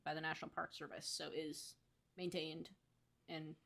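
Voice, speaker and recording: A woman co-hosting a casual podcast, chatty and quick to laugh, thinking aloud as she browses. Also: low-pitched, little pitch movement, vocal fry, a bit bright. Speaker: podcast co-host.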